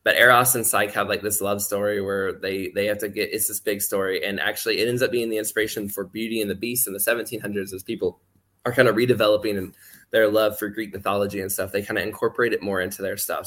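Podcast guest, male, lowish bright voice, rambling filler-heavy storyteller. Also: fairly even intonation, fast talker. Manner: acts out quoted voices while explaining. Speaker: guest speaker. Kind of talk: casual podcast chat.

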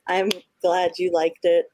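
A woman's voice: lowish voice, warm tone, dry recording. Woman cohost gushing at her friend, laughs a lot, swears, dead dry sound. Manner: effusive, laughs often, swears casually. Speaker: podcast co-host. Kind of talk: casual chat.

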